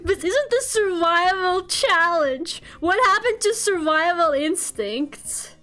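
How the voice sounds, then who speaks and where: A young woman chats with her stream in a high, unhurried voice, giggling and cursing casually. Her throat is a bit sore from a cold, and soft music plays faintly behind her. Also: expressive. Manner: chatty, giggly, swears casually. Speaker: VTuber streamer. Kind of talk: casual live-stream chat while drawing.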